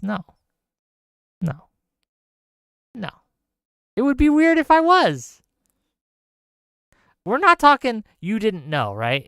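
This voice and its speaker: A man hosting his live stream talks straight into a close mic with no room sound. His pitch swoops up and down as he rants and jokes sarcastically. His voice is smooth and clear. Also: dry recording. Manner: ranting, animated, sarcastic. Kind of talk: casual live stream chat reading viewer comments.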